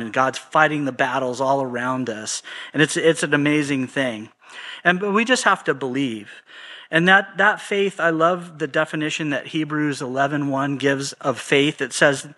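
A man teaching from the Bible in a relaxed, conversational way, retelling scripture in everyday slang. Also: a little high.

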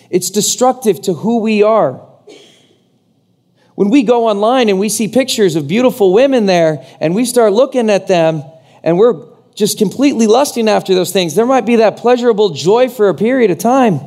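Male pastor, sermon, animated, acts out voices, mellow, slightly high-pitched.

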